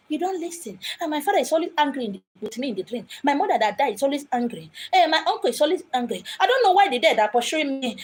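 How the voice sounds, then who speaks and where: Animated Nigerian woman with a high voice. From Abia State, Nigeria. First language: Igbo. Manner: dramatic, acts out quoted voices. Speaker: spiritual medium. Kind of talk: impassioned monologue. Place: home in Lagos.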